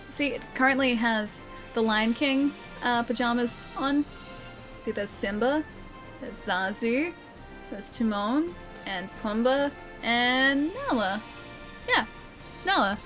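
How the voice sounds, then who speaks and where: A woman's voice: a little high, a bit bright. A young Australian woman streaming a game, chatting casually with her chat and laughing often.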